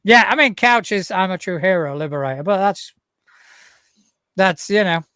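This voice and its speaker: Man, podcast co-host, wry and teasing, bright voice, dry close mic. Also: high voice, expressive, normal speed, clean tone, no room sound. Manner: wry, teasing, laughs along. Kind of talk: casual chat.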